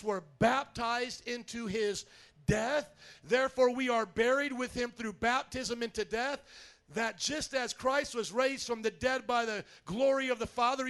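A man preaching a sermon as pastor in a church, animated and calling out to the congregation for responses. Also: very high voice.

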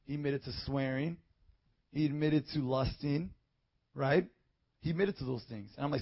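Fervent male preacher, raspy gravelly voice that climbs to shouts, slightly dull recording. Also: expressive, moderate pace. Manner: fervent, swings from low storytelling to shouting praise. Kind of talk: evangelistic sermon.

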